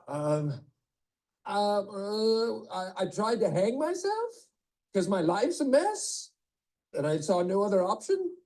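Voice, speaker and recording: An actor playing a pompous, self-pitying male newsman in a film comedy scene, speaking with a dark, mellow voice and melodramatic, questioning tone. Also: high voice, sing-song, slow pace, heavily acted, low-quality recording. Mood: sheepish. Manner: melodramatic, ends statements like questions.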